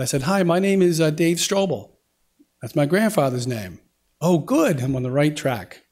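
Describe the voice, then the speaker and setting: A man speaking in a fairly high register, chatty and folksy. He tells a story to an audience in a lecture hall and acts out the dialogue as he goes. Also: lively intonation, a little slow, long pauses, a little mellow. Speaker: guest speaker.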